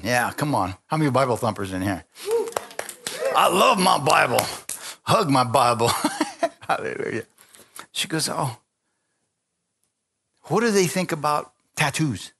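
Animated man preaching in church. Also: mid-range voice. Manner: lively storytelling preacher, acting out quoted voices, laughing often. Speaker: pastor. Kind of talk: sermon. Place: church sanctuary.

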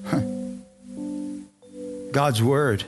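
A pastor preaching a sermon, slowing down to stress phrases and calling for amens from his congregation. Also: medium pitch, over music. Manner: emphatic, slows down to stress lines, calls for amens.

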